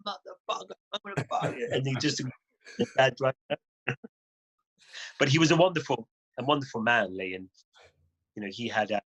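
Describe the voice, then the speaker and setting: A man as an interview guest, telling a story in a casual, animated way, often restarting phrases and chuckling. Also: medium pitch, moderate pace, long pauses, rough recording.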